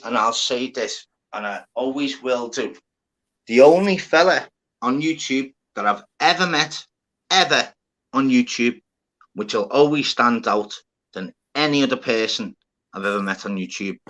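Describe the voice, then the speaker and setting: A man hosts a live stream panel and talks into his phone. His voice is bright and forward. He tells stories with plenty of swearing and plays both sides of every exchange. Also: mid-range voice, moderate pace. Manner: swearing, animated, acts out both sides of conversations. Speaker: livestream host. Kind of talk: casual storytelling chat.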